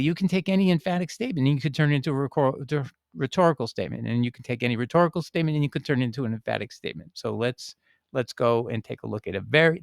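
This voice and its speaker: A man's voice: mid-range voice, no room sound, studio quality. A man explaining a scripture passage to a viewer while sharing his screen, in a rambling, emphatic teaching style with frequent restarts. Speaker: Bible teacher answering a viewer. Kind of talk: casual screen-share teaching.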